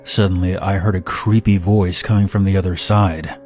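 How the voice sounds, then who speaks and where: A man narrating a scripted first-person horror story in a steady, dramatic way. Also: low-pitched, moderate pace, soft background music.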